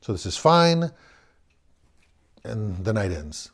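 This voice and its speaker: A man's voice: lowish voice, sing-song, takes it slowly. A man in his forties from the Los Angeles area, telling a personal story in a wry, rambling way, repeating and restarting his words.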